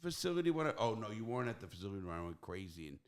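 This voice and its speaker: A man's voice: on the low side, very animated, racing. A man hosting a casual chat with old friends, blunt and swearing freely. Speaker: host.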